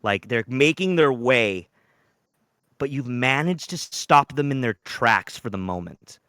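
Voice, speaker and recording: Male game master, loose and profane, bright tone, dry close mic, lively pitch swings. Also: measured pace, clear, resonant tone, dry recording. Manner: swearing, laughing, lively storytelling. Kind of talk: narrating a live tabletop game.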